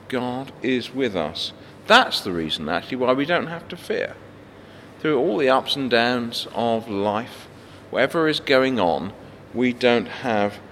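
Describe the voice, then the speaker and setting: A man reading a psalm and giving a gentle, thoughtful reflection as a pastor. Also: mid-range voice, slight background noise. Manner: slow, gentle, thoughtful delivery with restarts. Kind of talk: reflective sermon with scripture reading. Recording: faint hall reverb, light background ambience.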